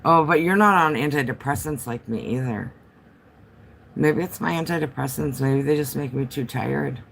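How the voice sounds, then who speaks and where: A man's voice: mid-range voice, moderate pace, gravelly, a bit bright, a little hiss or hum. A man chatting casually on a home livestream, rambling from topic to topic and answering viewer comments as they come in.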